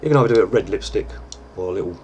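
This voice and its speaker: A deep-voiced man, chatting casually through a makeup tutorial with plenty of fillers. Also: animated, very fast, darkish tone, a little hiss or hum. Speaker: lookalike performer giving a tutorial.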